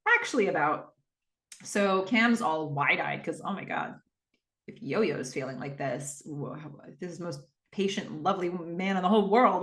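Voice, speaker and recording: Woman podcaster just chatting thru a recap, lots of ums, kinda echoey room. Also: medium pitch. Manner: chatty, rambling, with frequent fillers and quick acted-out quotes. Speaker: podcast host. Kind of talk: casual episode recap.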